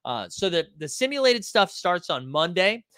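Guy hosting a stream, bright punchy voice, rambly with lots of ums, dry close mic. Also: high-pitched, very animated, normal speed, dry recording. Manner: loose and rambling, many fillers and restarts. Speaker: livestream host. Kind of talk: casual livestream chat reading viewer comments.

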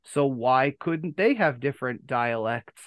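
Hosting a casual fan podcast, this American man rambles, fixes his own words, and fills gaps with lots of fillers. His mid-range voice has lively intonation and a slightly bright quality, at a measured pace in a dry recording.

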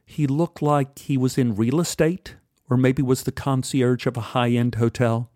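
A man telling a personal story as a podcast host, with measured, wry narration. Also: medium pitch, fairly even intonation, darkish tone, dry recording, clean studio sound.

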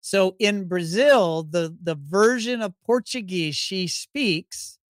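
A man's voice: high voice, slow pace, no room sound, studio quality. A man from Virginia with a mostly neutral American accent, hosting an interview in a chatty, conversational way. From Virginia, United States. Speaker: podcast host. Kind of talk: casual interview talk.

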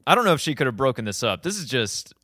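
Man in his thirties, casual podcast co-host; animated, bright, expressive delivery. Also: mid-range voice, quick pace, no echo, clean studio sound. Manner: animated, laughs often, acts out quotes.

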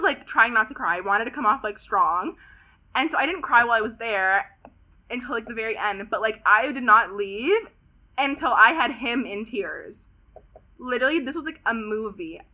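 A young woman of about twenty from Pasadena, California, guests on a podcast and tells a story with heavy drama. Her voice is very bright and pitched a little high. She piles on "like" and swears freely as she talks. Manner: dramatic, animated retelling, heavy use of "like" and swearing. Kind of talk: casual storytelling chat.

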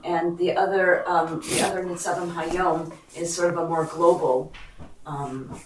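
A woman's voice: lowish voice, fairly even intonation, measured pace, noisy background. A woman taking part in a class discussion, offering a thought hesitantly with fillers. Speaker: class participant. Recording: distant and echoey room pickup.

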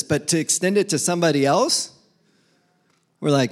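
A man's voice: on the high side, normal speed, pauses often. Casual joking man preaching a sermon. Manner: casual, joking preacher who acts out dialogues with God. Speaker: pastor.

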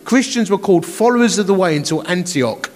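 A pastor in his forties preaches a conference sermon in a large, echoey hall, telling stories in a chatty, self-mocking way. His voice is high-pitched and a little fast, with lively intonation.

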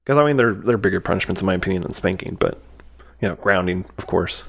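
A man co-hosting a podcast, asking relaxed questions in casual chat with some swearing. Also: low-pitched, fast, gravelly. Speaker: podcast co-host.

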